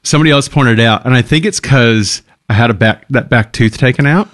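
A man's voice: medium pitch, fairly quick, fairly bright tone. A middle-aged man co-hosting a radio show, sick with a cold and run down, rambling and laughing at himself in casual chat. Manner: rambling, self-mocking, laughs often. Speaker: radio co-host.

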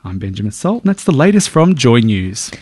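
Lively male radio newsreader, Australian accent. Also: mid-range voice, brisk, husky, no room sound. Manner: lively, even newsreading cadence. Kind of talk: read radio news bulletin. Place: radio studio.

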